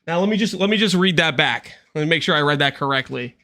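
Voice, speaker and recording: A man streaming a game, chatting with viewers in an animated, teasing way with quick asides. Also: fairly high pitch. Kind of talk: livestream chat with viewers.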